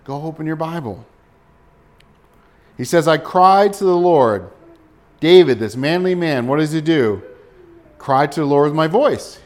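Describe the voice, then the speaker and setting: A man's voice: on the high side, normal speed, long pauses, darkish tone. A man preaching a sermon as pastor, speaking directly to listeners and asking them rhetorical questions.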